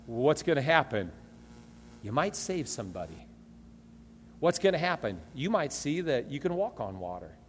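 Slightly high-pitched and speaking at a moderate pace, this male pastor delivers a sermon with a long reverb tail behind him. His storytelling is lively, and he performs the voices of the characters he describes.

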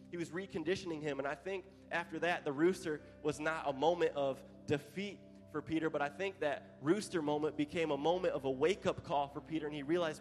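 A fairly high-voiced man preaching with passion, his voice swelling loud at the high points. He is recorded live in a church hall, and his voice rings out into a long reverb. Soft instrumental music plays underneath. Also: a little fast, few pauses. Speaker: pastor. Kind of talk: sermon.

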